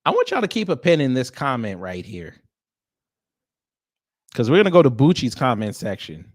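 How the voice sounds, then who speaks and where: A man's voice: mid-range voice, huge pitch swings, normal speed, no room sound. Man drawling wry reaction commentary. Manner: wry, drawling asides between read-out comments. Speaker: reaction video host.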